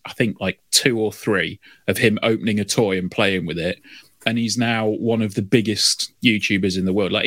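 A man's voice: fairly low pitch, fairly bright tone, no echo. A man co-hosting a football podcast, talking in a rambling way with many fillers. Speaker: podcast co-host. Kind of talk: casual chat.

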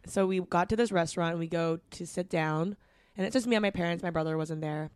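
A woman's voice: lowish voice, quick pace, clean tone, dry recording, studio quality. A woman co-hosting a podcast, telling a story in casual chat and mimicking the people in it. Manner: animated storyteller, mimics people in her anecdotes. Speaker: podcast co-host.

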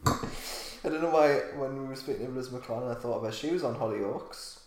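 A woman's voice: a bass voice, moderate pace. A woman, bantering and teasing as a podcast co-host. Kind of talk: casual chat. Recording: echoey room with faint noise.

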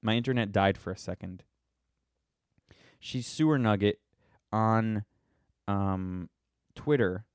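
A man's voice: lowish voice, slow pace, pauses often, smooth, no room sound, studio quality. A man in his thirties hosting a livestreamed podcast, talking in a rambling, sarcastic way with many restarts. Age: 30s. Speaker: podcast host. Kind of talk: livestreamed monologue.

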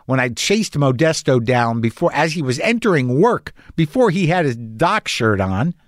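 A man's voice: medium pitch, very animated, normal speed, no echo, clean studio sound. A man telling a rambling, anxious story in a casual monologue, swearing and restarting often, as a podcast host.

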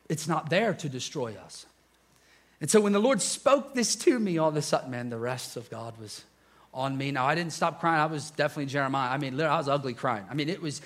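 A man preaching a sermon, telling his story with animated energy and dropping to a hushed intensity. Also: medium pitch, breathy edge.

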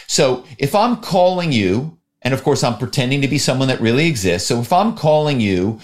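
Middle-aged male guest, animated storyteller, mid-range voice. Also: mid-range voice, normal speed. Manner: animated, acts out calls. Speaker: guest, former corporate spy and actor. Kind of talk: storytelling in an interview.

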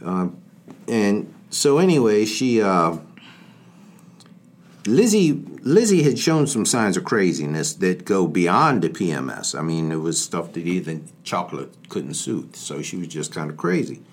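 A man's voice: sits low, a little slow. A man co-hosting a true-crime podcast, rambling through the story with jokes. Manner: rambling, jokey, lively storyteller. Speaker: podcast co-host.

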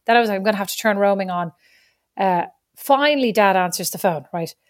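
A middle-aged woman, a podcast co-host, telling a story in a lively, animated way, acting out other people's voices and swearing now and then. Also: medium pitch, brisk, dry recording, clean studio sound. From Ireland. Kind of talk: casual storytelling chat.

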